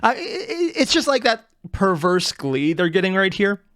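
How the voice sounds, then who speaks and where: A man hosting a reaction video, talking casually with lively swearing and laughing asides. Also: high voice, moderate pace, clean tone, no echo, studio quality.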